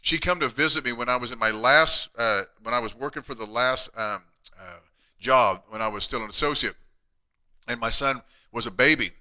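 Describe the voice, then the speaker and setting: This middle-aged chiropractor hosts a casual live Q&A, speaking at normal speed in a mid-range voice with a sharp tone. He's blunt and chatty, reading out questions from viewers.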